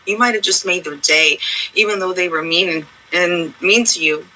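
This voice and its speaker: Bright-voiced woman chatting earnestly. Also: on the low side, moderate pace, rough recording. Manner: earnest, rambling, reassuring. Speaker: channel host. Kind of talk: casual heartfelt chat to viewers.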